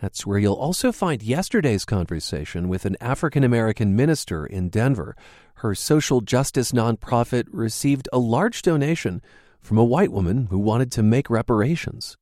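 A man hosting a radio interview, asking questions in a friendly, expressive way. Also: mid-range voice, moderate pace, no echo, studio quality. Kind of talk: broadcast interview.

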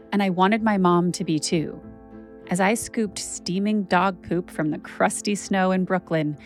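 A woman tells her own story as a podcast host, candid and conversational, dropping "like" often. Her voice sits a little low. Soft music plays quietly beneath her. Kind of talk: personal storytelling narration.

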